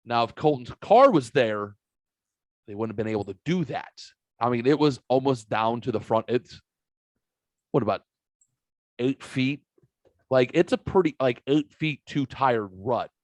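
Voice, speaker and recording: A man hosting a podcast, telling rambling, profane stories in a middle-pitched voice. He mimics the people in his stories as he goes. The sound is dry and close. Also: lively intonation, measured pace, pauses often, no room sound. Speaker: podcast host. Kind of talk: casual podcast chat, storytelling.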